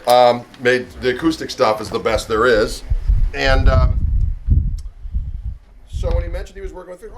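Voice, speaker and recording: A man's voice: medium pitch, animated, moderate pace, pauses often, noisy background. A middle-aged man, a guitarist, casually telling a story and introducing a pickup demo in a rambling, conversational way. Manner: rambling, conversational, full of "you know".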